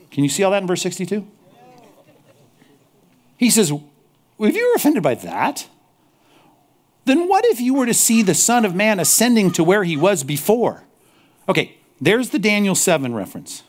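Male pastor, sermon, fairly high voice, animated, mocking asides. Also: normal speed, long pauses.

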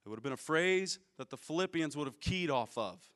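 A man's voice: fairly high pitch, lively intonation, a little fast, fairly bright tone. A man preaching a sermon in a casual, explanatory way, often checking in with his listeners and asking them questions. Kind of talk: conversational sermon.

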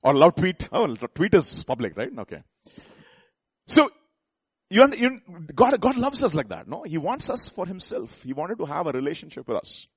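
A man's voice: a little high, sing-song, normal speed, husky, dry recording. A man preaching a sermon in a conversational way, often asking the congregation questions and restarting his sentences.

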